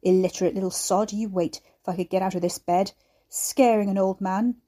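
A frail old man croaks and wheezes from his bed, played by a woman reading aloud. He scolds with sharp scorn, voice lifted and strained, the tone soft and mellow. A storybook figure, bookish and contemptuous. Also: mid-range voice, fairly even intonation, a little fast, lightly acted. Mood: scolding.

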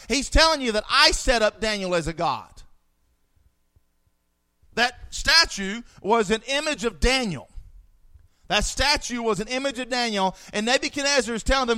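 High, bright-voiced fervent preacher man. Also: lively intonation, normal speed, clear, resonant tone. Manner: fervent preaching, reads scripture aloud, swells for emphasis. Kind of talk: sermon.

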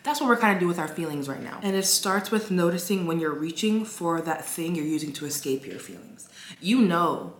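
A young woman giving a casual self-help talk, gentle and encouraging, with many fillers and restarts. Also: on the low side, animated, fairly quick. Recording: echoey room with faint hiss.

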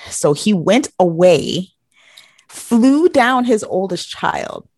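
A woman's voice: medium pitch, big pitch swings, takes it slowly, darkish tone, no echo, studio quality. A woman in casual chat, telling a story with lots of energy, acting out the voices of the people in it and swearing freely.

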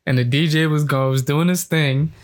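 A man's voice: on the high side, moderate pace. A young man co-hosting a casual podcast, talking in laid-back slang and laughing often. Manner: laid-back slang, frequent laughter, quotes friends in lively voices. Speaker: podcast co-host. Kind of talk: casual chat.

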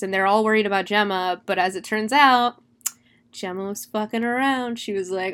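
A young woman casually recapping a horror film, chatty and animated, swearing freely. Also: mid-range voice, moderate pace. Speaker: movie reviewer.

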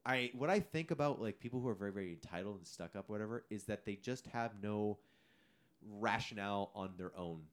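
A man's voice: lowish voice, brisk, clear, resonant tone. A man co-hosting a podcast, telling stories in a casual, profane way. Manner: animated, profane storytelling. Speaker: podcast co-host. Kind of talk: casual chat.

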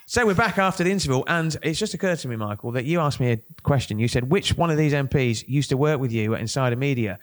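A man co-hosting a political podcast, talking in a casual, animated and indignant way, often repeating words. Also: mid-range voice, quick pace, hardly any pauses, faint music behind. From Northern England. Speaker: podcast co-host.

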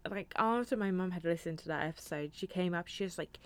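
A woman co-hosting a podcast, telling stories in an animated way, swearing casually and laughing along. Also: fairly low pitch, fast talker, clean tone, dry recording. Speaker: podcast co-host. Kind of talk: casual chat.

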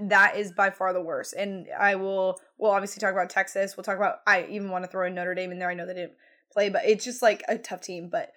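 Measured woman talking sports. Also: mid-range voice, a bit bright. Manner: measured, careful opinions, tactful. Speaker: co-host. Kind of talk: casual sports chat.

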